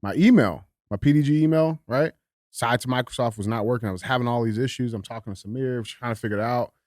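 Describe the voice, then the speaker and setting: A man's voice: medium pitch, fast talker, dry recording, studio quality. A man co-hosting a podcast, chatting casually and reading news headlines aloud. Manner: relaxed, chatty, fillers between read-out lines. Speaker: podcast co-host.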